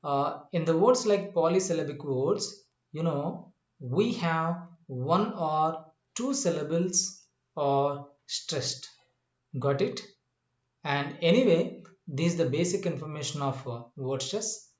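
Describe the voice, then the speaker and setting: Male teacher, fairly high voice, roomy echo, repetitive emphatic explaining, lots of "uh" fillers. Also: lively intonation, slow pace. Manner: repetitive, emphatic explaining with frequent "uh" and "you know". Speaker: English teacher. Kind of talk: spoken grammar lesson.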